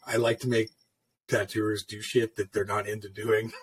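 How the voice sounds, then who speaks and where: In a fairly low voice with a breathy edge, a longtime male tattoo artist relates career stories at a moderate pace and with flat delivery. He rambles casually, swearing and using lots of filler words.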